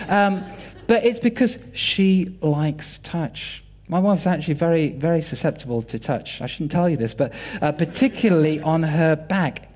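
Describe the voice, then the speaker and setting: A man's voice: a little high, moderate pace, a little mellow. A British man in his forties giving a sermon, telling personal family stories and acting out quoted dialogue with animation.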